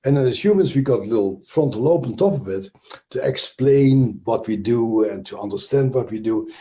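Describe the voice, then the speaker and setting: A man's voice: medium pitch, lively intonation, normal speed, warm tone. A man with a Dutch accent, a trauma expert speaking as an interview guest, explaining thoughtfully with frequent restarts and fillers.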